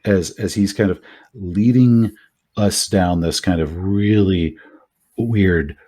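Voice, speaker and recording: A man co-hosting a podcast, chatting casually about running tabletop horror games, animated and full of asides. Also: deep voice, slow. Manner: animated, rambling with many asides. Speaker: podcast co-host.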